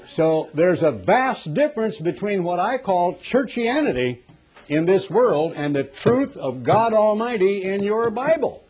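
A middle-aged man from the United States preaching a television sermon, husky, swinging from hushed to loud and pressing rhetorical questions. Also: high voice, sing-song, measured pace.

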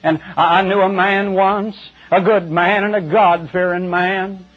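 A man's voice: high voice, fairly even intonation, a little slow, lo-fi sound, pitched above the performer's own voice. A man mimicking a sanctimonious male preacher, pleading in a pious sing-song tone.

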